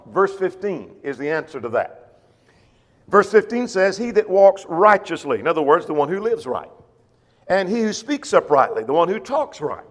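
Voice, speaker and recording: A man's voice: sits high, a bit bright, long reverb tail. A man teaching a church Bible class, explaining scripture in plain words with frequent fillers and restarts.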